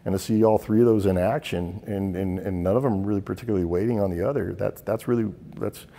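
Earnest low-voiced middle-aged man, halting. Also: steady tone, creaky, mellow, in a large hall. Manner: earnest, halting with repeated words. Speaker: guest, military veteran. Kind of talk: interview storytelling.

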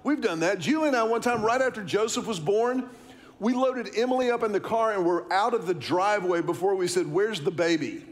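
A man's voice: sits high, brisk. A middle-aged man, preaching a sermon, telling a story and asking the congregation questions. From Texas, US. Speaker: pastor.

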